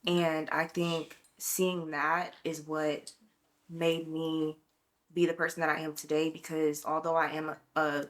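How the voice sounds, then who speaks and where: A young woman with a fairly low voice shares a personal story on a casual podcast. She talks reflectively and from the heart, with many likes and ums. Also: level tone, measured pace. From Brooklyn, New York. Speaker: podcast co-host. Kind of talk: casual chat.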